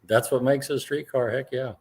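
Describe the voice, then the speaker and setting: A man's voice: mid-range voice, fairly even intonation, a little fast, darkish tone, husky. A man in a casual interview, adding brief encouraging comments. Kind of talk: casual chat.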